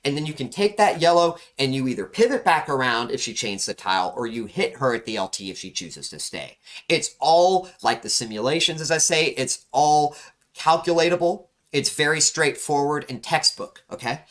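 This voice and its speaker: Bright-voiced man coaching over gameplay. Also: fairly high pitch, lively intonation, moderate pace. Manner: instructive, emphatic, repeats key words. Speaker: game coach reviewing a match. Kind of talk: analytical gameplay commentary.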